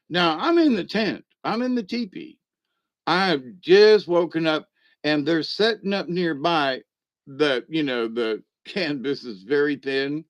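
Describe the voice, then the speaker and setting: A man's voice: a little high, takes it slowly, no echo. Dry-sounding man telling a rambling story. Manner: rambling, chuckling, acts out other voices. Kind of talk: casual comic storytelling. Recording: dull lo-fi dry recording.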